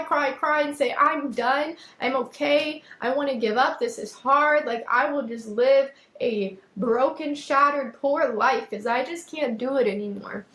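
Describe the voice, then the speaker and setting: A young woman with a high voice talks straight to her listeners in a casual motivational monologue. She is earnest and emphatic, and she leans on repeated phrases to drive her points home. The sound is echoey, as if recorded in a bare room. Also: fairly bright tone. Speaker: podcast host.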